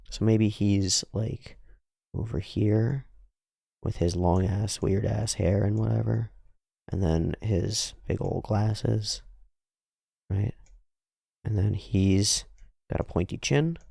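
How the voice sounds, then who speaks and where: A man's voice: lowish voice, creaky, dark tone, no echo, studio quality. A man thinking aloud in casual commentary while he sketches, rambling and trailing off. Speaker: channel host.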